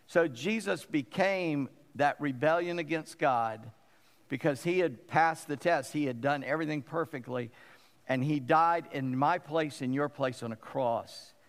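A man's voice: a little high, measured pace, big-room sound. A man, a pastor preaching a sermon in an emphatic way and repeating phrases for stress.

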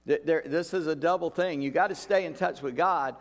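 A man's voice: on the high side, a little fast, long reverb tail. A male pastor preaching a sermon in a folksy, conversational way, repeating key phrases for emphasis.

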